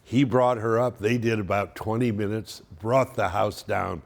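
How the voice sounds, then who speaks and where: A man's voice: lowish voice, fairly even intonation, moderate pace, creaky. A man in his seventies telling stories in a monologue, with wry, dry humor. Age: 70s. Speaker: narrator of a yearly family letter. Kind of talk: storytelling monologue.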